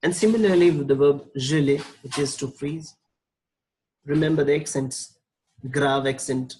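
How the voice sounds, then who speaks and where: Slightly high and warm, this man's voice comes through a rough recording. He works slowly and patiently through a slide-based French grammar lesson on verb conjugation, spelling out letters and repeating the forms.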